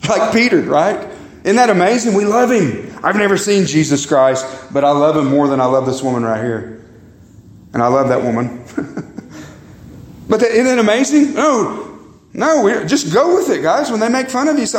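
With lively intonation at a normal speed, a male pastor preaches emphatically in a reverberant church sanctuary. He repeats words, moves his pitch high and low, and speaks to the congregation as "guys" and "beloved".

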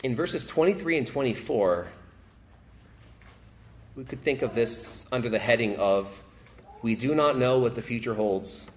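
A man's voice: medium pitch, expressive, measured pace, long pauses, slight background noise. Emphatic male preacher. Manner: emphatic, repeats phrases, voice rises sharply when quoting pleas. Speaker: pastor. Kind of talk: sermon.

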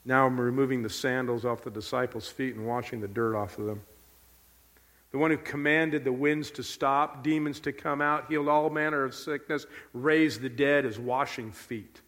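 A male pastor preaching a sermon with animated, emphatic storytelling. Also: mid-range voice, moderate pace. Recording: long hall reverb.

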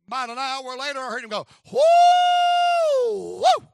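A man preaching a folksy storytelling sermon with a North Carolina accent, rising now and then to shouts of praise. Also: extremely high pitch, fairly even intonation, rapid-fire, slight background noise.

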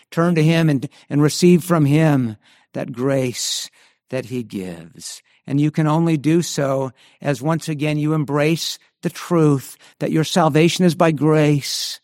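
Guy preaching a sermon, kinda high voice, earnest, keeps restarting words, dry sound. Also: a little mellow, no echo. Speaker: pastor.

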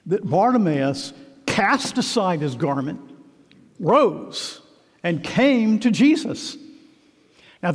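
A man's voice: high voice, big-room sound. A man preaching a sermon as pastor, emphatic and repeating key phrases, in a church.

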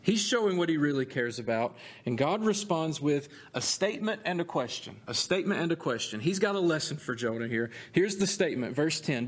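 A male pastor preaching a sermon, telling the story in an animated, conversational way with humorous asides. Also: a little high, brisk, hardly any pauses.

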